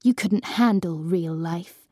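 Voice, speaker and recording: Fed-up sharp circus mum telling her kid off, woman doing the voice, mellow dry sound. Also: fairly low pitch, slow, dry recording. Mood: scolding. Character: exasperated scolding circus mother.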